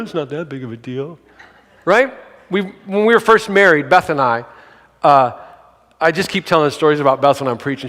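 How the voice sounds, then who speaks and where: A male pastor preaching a sermon, telling a story with animated, acted-out voices and sudden shouts. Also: fairly high pitch. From grew up in a city. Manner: animated, acts out quoted voices, shouts for emphasis. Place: church sanctuary. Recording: long hall reverb.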